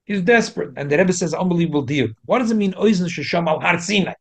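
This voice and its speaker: A man teaching a Torah class in an animated way, repeating key points for emphasis. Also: high voice, racing, creaky.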